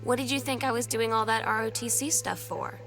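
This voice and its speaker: A woman's voice: a little high, a little fast, close to an everyday voice. An actress voicing a teenage girl in a video game who is about to start college, telling a story in a chatty, self-deprecating way over background music. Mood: rueful. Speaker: game character. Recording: game audio with clear music behind.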